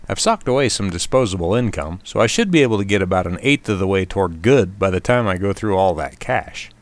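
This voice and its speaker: A man's voice: low-pitched, animated, fairly quick, dry recording. A man hosting a short outdoors radio segment, reading a scripted commentary in a wry, self-deprecating way.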